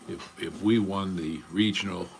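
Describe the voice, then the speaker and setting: Deep-voiced older man rambling bluntly. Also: fairly even intonation, normal speed, gravelly, a little hiss or hum. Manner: blunt, rambling, profane storytelling. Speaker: livestream host. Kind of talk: casual rambling livestream chat.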